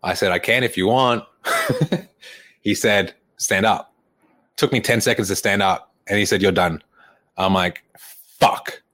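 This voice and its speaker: A young fitness coach relaxedly tells a personal story at a measured pace, pausing often. His slightly low voice shifts into the voices of people he quotes, and he laughs frequently as he retells it.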